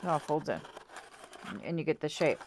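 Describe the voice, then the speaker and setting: A woman's voice: deep voice, normal speed, darkish tone, a little hiss or hum. A woman giving a casual craft tutorial at home, chatty and rambling with lots of fillers, self-corrections and apologetic asides. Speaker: craft vlogger.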